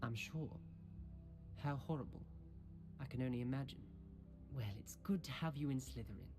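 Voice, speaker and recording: An actor playing a polite, refined young male student in a video game, courteous and measured. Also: medium pitch, a little mellow, faint music behind, close to an everyday voice.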